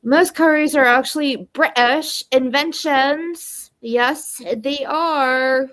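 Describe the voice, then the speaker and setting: A woman hosting a live stream, talking in an unhurried, drawn-out way and breaking into laughter often. Her voice sits a little high and sounds dry and close, with no room around it. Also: fairly bright tone, no room sound. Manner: laughs often, amused and chatty. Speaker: stream host. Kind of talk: casual live-stream chat.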